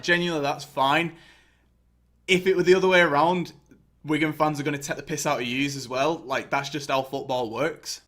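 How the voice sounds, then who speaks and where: A man's voice: a little high, fairly bright tone. A young man, ranting angrily and sarcastically about his football club, full of swearing. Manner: sweary, sarcastic, mocking impressions. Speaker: football fan vlogger. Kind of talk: angry ranting commentary.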